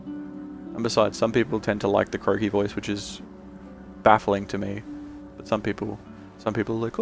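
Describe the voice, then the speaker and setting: A male streamer chatting casually while he plays, rambling and restarting, his voice croaky and tired. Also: on the low side, flat delivery, normal speed, over music. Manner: rambling, many restarts and fillers. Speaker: game streamer. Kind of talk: casual chat while gaming.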